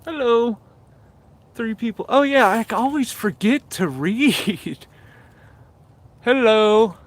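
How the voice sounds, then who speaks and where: A man's voice: very high-pitched, animated, takes it slowly. A man chatting casually on a live stream while working, reading viewer comments aloud and joking about himself, short of breath. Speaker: mushroom grower streaming live. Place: indoors at a mushroom-growing workspace. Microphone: camera set up nearby, moves in and out of frame.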